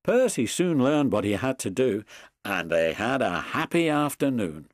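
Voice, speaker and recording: Slow, lively male storyteller. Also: mid-range voice, no room sound. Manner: slow, animated reading. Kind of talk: storybook narration. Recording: dry close recording with soft music.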